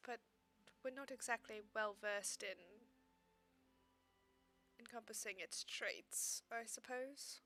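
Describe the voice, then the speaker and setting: A woman's voice: on the high side, slow, pauses often, bright, forceful tone. A woman playing in a tabletop game, asking questions hesitantly and restarting her sentences. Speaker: player. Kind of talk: tabletop role-play chat.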